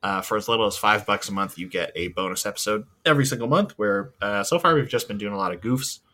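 A man's voice: lowish voice, fast talker, pushed and bright. A man co-hosting a podcast in casual chat, rambling with many fillers and the odd swear. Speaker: podcast co-host.

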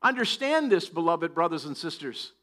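A man's voice: a little high, big pitch swings, moderate pace, pushed and bright. A middle-aged man preaching a sermon, animatedly acting out scripture voices. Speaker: pastor.

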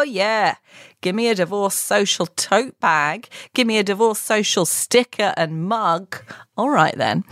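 A woman's voice: on the low side, no room sound, clean studio sound. A woman hosting a podcast, reading her own ad break with playful jokes and chatting with a friend. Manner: playful, jokey. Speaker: podcast host. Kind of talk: casual chat and ad read.

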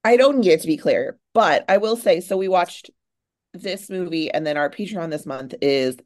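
Woman co-host with a deep voice, casual, talks her way round to the point. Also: animated, moderate pace, a little mellow. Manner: chatty, repeats words while finding her point. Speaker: podcast co-host. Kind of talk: casual chat.

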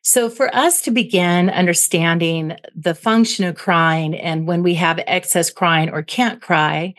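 A middle-aged woman with a slightly low voice talks as a guest psychologist. She explains ideas in a measured, patient way, in an interview setting. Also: fairly bright tone. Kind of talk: podcast interview.

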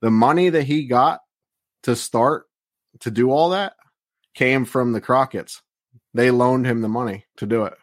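A man's voice: medium pitch, a little slow, long pauses, dry recording. A man co-hosting a casual wrestling podcast, talking bluntly with lots of swearing and filler words. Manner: blunt, heavy swearing, frequent "like" and "you know". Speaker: podcast co-host reviewing wrestling.

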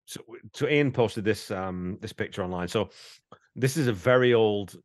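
A man's voice: on the low side, moderate pace, no room sound, clean studio sound. A British man co-hosting a podcast, drunk, rambling and swearing as he reads out listener comments. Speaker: podcast co-host. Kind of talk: casual chat.

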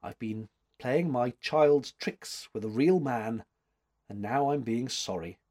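A man's voice: medium pitch, takes it slowly, a little mellow. A man reading aloud, voicing a flustered young woman with a light, plaintive delivery.

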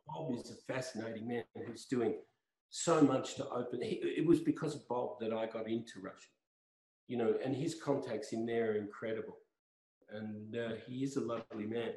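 A man's voice: medium pitch, warm tone. A man as a podcast guest, telling rambling, impassioned stories in conversation. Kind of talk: storytelling conversation. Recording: roomy echo.

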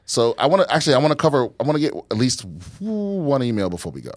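A man's voice: mid-range voice, big pitch swings, fast talker, dry recording. A man hosting a casual podcast, rambling with many restarts and swearing. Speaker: podcast host.

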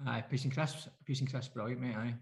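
A Scottish man co-hosting a podcast, teasing his co-host in quick banter. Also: mid-range voice, fairly even intonation, vocal fry. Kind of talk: casual podcast chat.

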